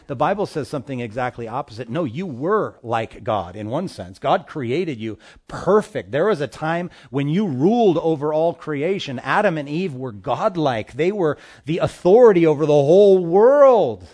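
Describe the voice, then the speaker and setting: A male pastor preaching a sermon, addressing the congregation directly with emphatic swings between loud and soft. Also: a little high.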